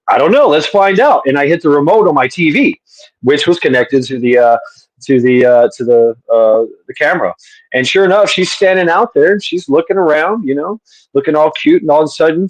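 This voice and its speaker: A man's voice: on the high side, dry recording, poor audio. A man from the southern US telling a rambling, laughing story in a casual online chat. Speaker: panel host.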